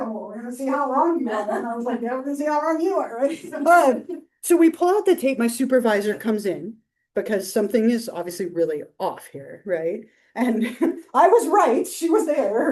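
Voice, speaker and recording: Woman instructor, mellow voice, lively storytelling, roomy distant classroom sound. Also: mid-range voice. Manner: animated storytelling with many fillers. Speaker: psychology instructor. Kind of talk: casual classroom lecture. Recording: roomy classroom mic from far off.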